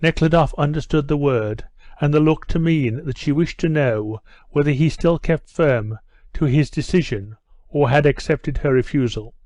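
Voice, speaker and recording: A man reading an audiobook as the narrator, in an even, measured delivery. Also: on the high side, dry recording. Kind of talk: scripted narration.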